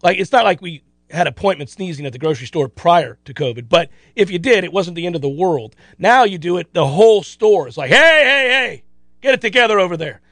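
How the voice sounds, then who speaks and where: A middle-aged man hosting a sports radio show, chatting casually and telling stories in an animated, self-deprecating way. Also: a little high, fairly quick, few pauses, no room sound. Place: radio studio.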